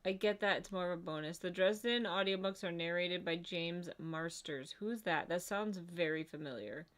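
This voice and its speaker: A woman's voice: on the low side, normal speed. A woman co-hosting a livestream in casual chat, rambling with lots of fillers and reading out chat comments. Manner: chatty, rambling, says "like" a lot. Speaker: co-host of a livestream.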